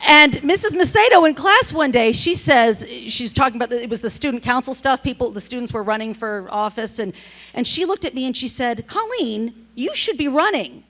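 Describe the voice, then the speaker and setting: Panelist, woman in her 50s, slightly high voice, animated and self-deprecating storyteller. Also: brisk. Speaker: panelist, former TV journalist.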